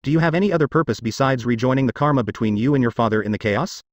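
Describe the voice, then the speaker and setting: A man's voice: medium pitch, big pitch swings, a little fast, no echo, clean studio sound. A man voicing an angry, resentful immortal woman in a fantasy audiobook, speaking coldly and accusingly. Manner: cold and accusing.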